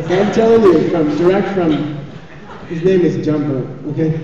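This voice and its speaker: A man with a fairly high voice speaks at a moderate pace, giving a live dharma teaching in a large teaching hall. He is chatty and joking and often checks in with his listeners. The hall is echoey, the mic is far off, the sound is dull, and crowd noise is audible.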